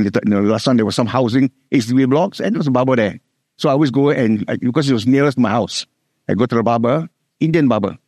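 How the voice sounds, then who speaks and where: A man's voice: mid-range voice, darkish tone, no room sound, studio quality. Emphatic Singaporean man preaching. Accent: Singaporean English. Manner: emphatic, repeats key words, slows down to stress scripture. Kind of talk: sermon.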